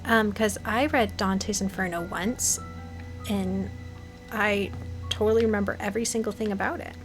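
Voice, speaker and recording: A woman's voice: medium pitch, fairly even intonation, normal speed, faint music behind, poor audio. A young woman casually commenting as she plays a creepy game, chatty and jokey, dropping into nervous whispers. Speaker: gaming video host.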